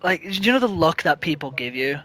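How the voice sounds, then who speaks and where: A man's voice: fairly high pitch, expressive, a little fast, sharp tone. A young man co-hosting a podcast, telling shop stories with swearing, laughter and stammered restarts. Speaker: podcast co-host. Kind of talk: casual chat.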